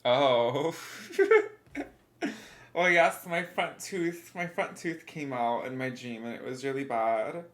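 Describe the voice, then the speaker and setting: A woman's voice: a bass voice, unhurried, hardly any pauses. A young woman in her twenties, a bit congested, rambling casually as she answers her livestream chat.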